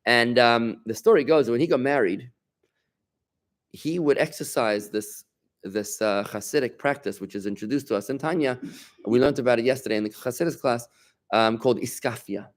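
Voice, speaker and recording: A middle-aged man, a rabbi, giving an informal Torah class in an animated, emphatic way, bantering with his listeners. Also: medium pitch, normal speed.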